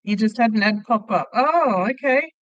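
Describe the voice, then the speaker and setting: A woman's voice: fairly high pitch, animated, normal speed, dry recording, highs cut off. Chatty Australian woman hosting a livestream. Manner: chatty, laughs often, tells stories. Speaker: crochet livestream host. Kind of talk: casual live chat reading viewer comments.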